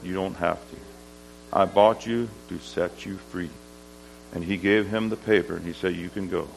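A man giving a storytelling sermon in a livestock auction barn. He speaks in a halting, homespun way, pausing often and slowing down to give his words weight. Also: lowish voice, a little hiss or hum, poor audio. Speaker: lay preacher.

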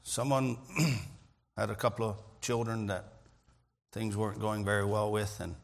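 A middle-aged male pastor preaching a sermon, telling stories earnestly and often clearing his throat. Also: fairly low pitch, steady tone, normal speed. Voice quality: gravelly, husky voice. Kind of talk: sermon with storytelling.

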